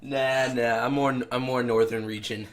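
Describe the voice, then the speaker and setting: A man's voice: mid-range voice, level tone, moderate pace. A young man from Texas, co-hosting a casual podcast in an easygoing, chuckling way.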